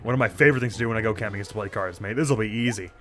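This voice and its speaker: A man's voice: on the low side, racing, close to an everyday voice. A man doing a brash koala camper. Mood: pushy. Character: brash male koala camper who says mate.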